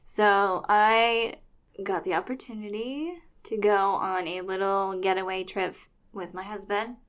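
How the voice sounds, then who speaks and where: A woman's voice: medium pitch, fairly even intonation, measured pace. A woman in her thirties co-hosting a podcast, talking in a chatty, rambling, enthusiastic way about her family and travels. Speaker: podcast co-host. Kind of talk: casual chat.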